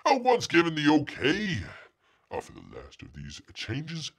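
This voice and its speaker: A man's voice: fairly high pitch, huge pitch swings, a little slow, a bit bright, breathy edge, pitched above the performer's own voice, heavily acted. A man putting on an exaggerated fake Australian accent to read a message aloud, tacking on slang. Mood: jokey. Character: hammy mock-Australian man reading news.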